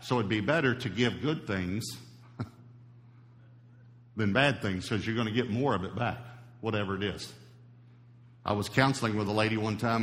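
A man's voice: on the low side, fairly bright tone. A male pastor giving a sermon in an emphatic, conversational preaching style. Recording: long hall reverb.

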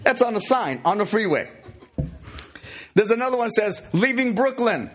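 Male pastor, lively and chatty sermon, a touch high-pitched. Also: moderate pace. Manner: chatty, many fillers and restarts, playful. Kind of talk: conversational sermon.

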